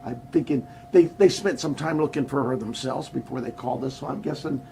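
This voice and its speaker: A man, a sheriff answering questions at a press conference, speaking in a halting, rambling way and often repeating himself. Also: mid-range voice, creaky, warm tone, a little hiss or hum.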